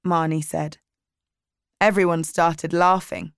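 Woman narrator, slow clear read, dry close mic. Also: deep voice, steady tone, no echo. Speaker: audiobook reader. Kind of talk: slow graded-reader narration.

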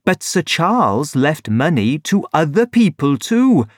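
A man voicing an earnest, eager country doctor in a storybook reading, bright and reassuring. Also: fairly high pitch, big pitch swings, a little slow, no room sound, studio quality.

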